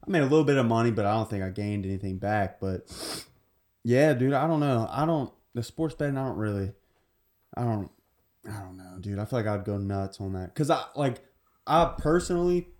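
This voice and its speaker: A man's voice: fairly low pitch, expressive, a little fast, darkish tone. A man hosting a casual podcast in a garage, talking in a laid-back, rambling way and laughing often. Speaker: podcast host. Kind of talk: casual chat.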